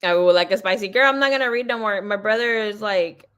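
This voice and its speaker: A woman's voice: medium pitch, fast talker, fairly bright tone, clean tone, muffled recording. A woman tarot reader chatting casually on a livestream, telling rambling stories full of swearing and laughter. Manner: chatty, profane storytelling; laughs often.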